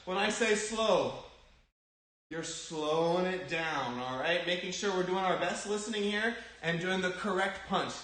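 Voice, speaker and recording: A man's voice: high-pitched, pushed and bright. A man teaching a kids' martial arts class, calling out drill commands and encouraging the students. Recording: very echoey room.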